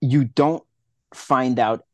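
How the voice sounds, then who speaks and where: A man's voice: medium pitch, fairly even intonation, drawn-out words, a little mellow, dry recording. A man co-hosting a casual movie review podcast, ranting and swearing in a rambling way. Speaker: podcast co-host.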